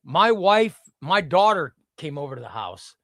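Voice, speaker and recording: A man's voice: on the high side, very animated, a little slow, a bit bright, dry recording, studio quality. A middle-aged man hosting a casual comic book livestream, rambling and reading chat aloud.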